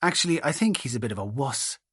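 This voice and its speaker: A man's voice: medium pitch, animated, a bit bright, breathy edge, no room sound, studio quality. A man voicing a sardonic teenage daughter who scoffs and teases her father, reading an audiobook. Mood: teasing. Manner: scoffing, quick-tongued. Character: sardonic teenage Irish girl, mocking her dad.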